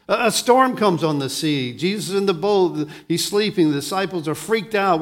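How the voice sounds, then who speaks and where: A man preaching a sermon as pastor, swinging between soft, low lines and loud, lively ones, often restarting his words. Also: normal speed, hardly any pauses.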